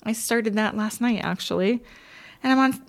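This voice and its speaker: A woman co-hosting a podcast, chatting casually and enthusiastically about TV shows she has been watching, with lots of "like" and quick asides. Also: on the high side. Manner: chatty and enthusiastic, many fillers. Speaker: podcast co-host.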